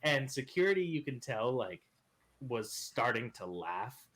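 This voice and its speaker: A bright, clear man's voice at an ordinary pitch, chatting easily with friends. He tells his story in a loose, animated way and laughs at his own punchlines. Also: a little slow. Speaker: podcast panelist. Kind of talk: casual storytelling.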